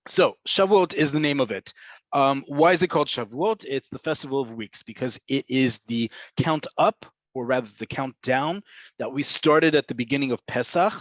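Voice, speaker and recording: A man's voice: medium pitch, dry recording. A man giving an online webinar lesson on Hebrew vocabulary, explaining patiently with frequent "um"s and "right?" check-ins. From Israel-based. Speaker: Hebrew teacher.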